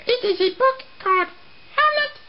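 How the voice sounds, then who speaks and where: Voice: very high-pitched, animated, moderate pace, dull audio, a little hiss or hum. A performer voicing a cheerful male bookworm puppet who eats books, hosting a homemade review show. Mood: chirpy. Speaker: book review show host.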